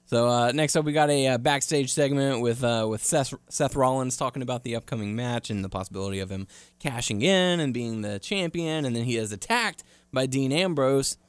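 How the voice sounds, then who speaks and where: A man's voice: medium pitch, expressive, fairly quick, clear, resonant tone, no room sound. Laid-back young man recapping wrestling. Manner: laid-back, recaps with fillers, laughs often. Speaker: podcast co-host.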